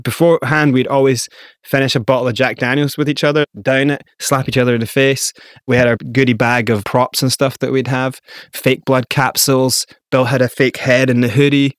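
A man from Scotland with a Scottish accent, telling a lively story as an interview guest and acting out the quotes. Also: mid-range voice, fairly quick, no echo, clean studio sound. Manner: animated storyteller, acts out quotes.

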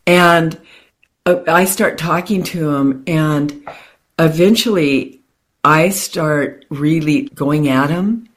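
A woman guest on an interview, telling a personal story in an animated way, with frequent restarts and acted-out quotes. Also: low voice, slow pace.

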